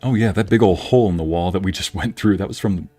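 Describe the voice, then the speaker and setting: A man's voice: low voice, quick pace, warm tone, soft background music. A man streaming a video game, chatting easily as casual game commentary. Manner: chatty and easygoing.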